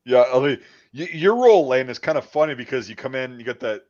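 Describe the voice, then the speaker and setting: A man casually chatting as a podcast host, swearing often and trailing off into quiet mumbles. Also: medium pitch, lively intonation, fast, highs cut off. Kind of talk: casual chat.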